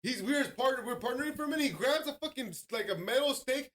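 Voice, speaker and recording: A man's voice: very high voice, expressive, quick pace, fairly bright tone. A man co-hosting a podcast, bantering casually in slang with plenty of swearing. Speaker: podcast co-host. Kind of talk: casual chat.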